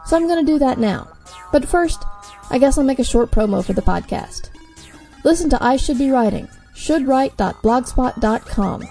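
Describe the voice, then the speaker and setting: A woman's voice: sits high, animated, moderate pace, creaky, mellow, faint music behind. A woman reading a short scripted promo for her own podcast, wry and self-mocking. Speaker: podcast host doing a promo.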